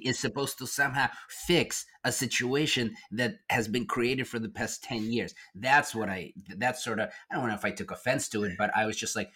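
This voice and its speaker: A man in his forties, a therapist, casually recounting a work story in conversation, with animated, incredulous turns. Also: medium pitch, breathy edge.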